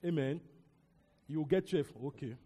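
A young man with a Nigerian accent preaching a sermon, talking in an animated, conversational way with repeated words and asides. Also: a little high, moderate pace. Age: young adult. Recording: long hall reverb.

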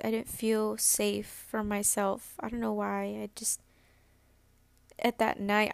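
A woman's voice: mid-range voice, vocal fry, dry recording. A woman in her twenties, hosting a podcast, candidly recounting a personal story in a rambling way, full of "like" and restarts. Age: 20s. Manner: candid, rambling, heavy use of "like". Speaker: podcast host.

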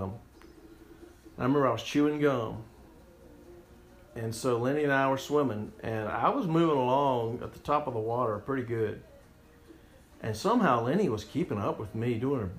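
A man telling a personal story in a rambling, conversational way with frequent restarts. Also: mid-range voice. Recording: roomy echo, faint music behind.

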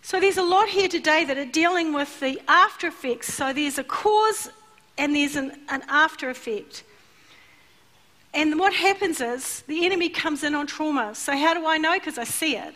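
A woman's voice: high-pitched, normal speed. A middle-aged woman preaching a sermon in church, telling stories animatedly and acting out the voices. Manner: animated storytelling, acts out voices. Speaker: church speaker.

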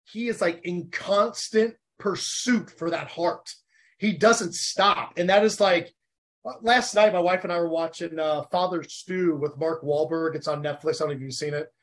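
A man in his forties from the United States, a podcast guest talking in an animated, earnest and heartfelt way. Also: a little high, moderate pace. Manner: animated, earnest and heartfelt, talks about faith. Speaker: podcast guest, former Navy SEAL. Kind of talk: casual interview chat.

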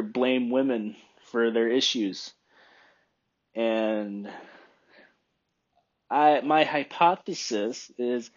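Slow, rambling man thinking aloud. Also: mid-range voice, dull audio. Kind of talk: casual opinion monologue.

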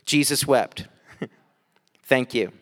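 A man's voice: medium pitch, slow, a bit bright, long reverb tail. A man preaching a sermon, reading scripture aloud and breaking off with light, chuckling asides to the congregation. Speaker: pastor.

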